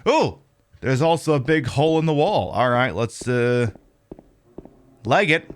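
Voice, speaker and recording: A man's voice: mid-range voice, animated, a little slow, slight background noise. A man streaming a horror game, chatting casually in a rambling, opinionated way with lots of fillers. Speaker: livestreamer. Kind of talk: casual gameplay commentary.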